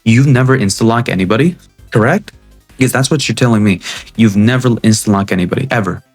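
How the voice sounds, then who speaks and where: A man's voice: lowish voice, fast talker, husky, faint music behind. Blunt, profane young man ranting. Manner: blunt, profane, rambling, keeps asking "right?". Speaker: gaming video creator. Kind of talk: casual gaming rant.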